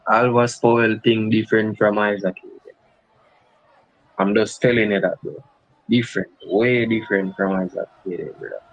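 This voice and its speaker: A man's voice: lowish voice, steady tone, normal speed, highs cut off. A young man with a Jamaican accent arguing about football in a heated casual debate, insisting on his point and calling his co-host "bro". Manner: insistent, repeats "bro" and "brother".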